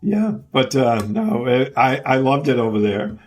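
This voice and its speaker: A man's voice: medium pitch, very animated, unhurried, slight background noise. A man with a Boston accent, hosting a podcast and chatting in a hesitant way with many fillers. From United States. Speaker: podcast host. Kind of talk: casual podcast interview.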